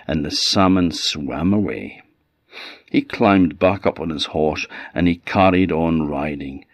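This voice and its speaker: Deep-voiced Orcadian storyteller. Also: male voice, dry recording. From Orkney, Scotland. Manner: unhurried, conversational with asides. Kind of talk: oral folktale storytelling. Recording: slightly dull dry audio.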